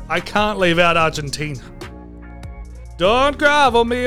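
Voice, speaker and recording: Male podcast host, high and bright, goofy rambling monologue. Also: lively intonation, normal speed, soft background music. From Australia. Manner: jokey, rambling, mock-dramatic. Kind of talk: comedic sports podcast monologue.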